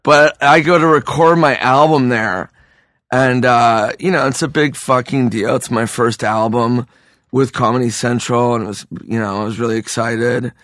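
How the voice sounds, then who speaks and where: A man tells crude, laughing stories on a podcast, a little hungover. His voice sits at an ordinary pitch. It is recorded close and dry. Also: steady tone, normal speed, fairly bright tone, dry recording. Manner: profane, laughing anecdotes. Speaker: comedian guest. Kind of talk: casual podcast storytelling.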